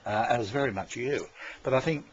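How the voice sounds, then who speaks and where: A man's voice: mid-range voice, brisk. A man talking in a rambling, casual monologue, full of fillers and restarts and swearing freely as he gives directions. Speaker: vlogger giving creative direction. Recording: dull lo-fi sound with faint room noise.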